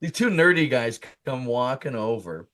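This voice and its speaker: Un humoriste parle sur un ton de conversation détendue, en racontant une anecdote drôle. Sa voix est de hauteur moyenne, et il rit souvent entre ses phrases. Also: male voice, mid-range voice, moderate pace. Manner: animated, laughs through his story, many fillers. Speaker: comedian guest. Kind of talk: casual comic storytelling.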